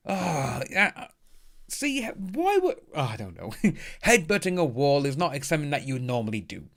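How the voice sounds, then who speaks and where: Guy on a livestream, kinda high voice, upbeat and rambly, thanking chat. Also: wildly swooping pitch, unhurried, fairly bright tone. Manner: chatty, upbeat, thanks donors by name. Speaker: livestream host reading chat. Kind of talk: casual live stream chat.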